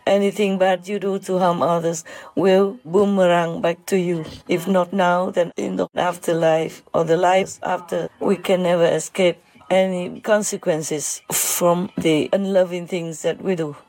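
A woman giving a heartfelt moral talk, halting and emotional, with many pauses and fillers. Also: lowish voice, level tone, darkish tone.

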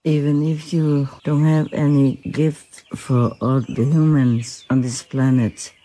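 A humble, reverent spiritual teacher in a devotional spoken dialogue, soft-spoken with gentle laughs and a slightly strained voice. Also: medium pitch, little pitch movement, slow pace, rough recording. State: voice a little strained.

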